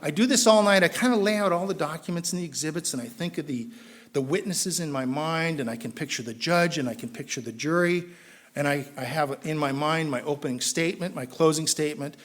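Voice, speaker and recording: A middle-aged man with a Southern Californian accent, telling his recovery story at a meeting and acting out the people in it, rising loud and high when excited. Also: brisk. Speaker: AA speaker.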